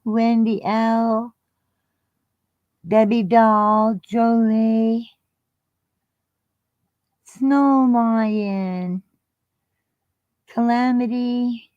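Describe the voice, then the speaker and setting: A woman chats on a casual live stream, calling out viewers and answering them with giggles and affection. She speaks slowly and easily. The recording is dry and a little dull and lo-fi. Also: on the high side, fairly even intonation, dry recording.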